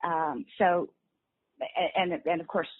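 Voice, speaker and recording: A woman voice actress being interviewed, animatedly explaining how she builds voices, sometimes dropping into quick demo voices. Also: fairly low pitch, flat delivery. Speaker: voice actress guest. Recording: phone-like lo-fi call audio.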